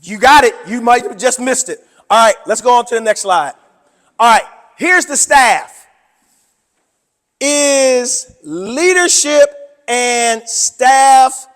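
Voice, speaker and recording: A man presenting a workshop to teachers, with an animated, preacher-like delivery that swings between loud and soft. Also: extremely high pitch. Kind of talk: conference talk to educators. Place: conference room. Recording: hall with long reverb.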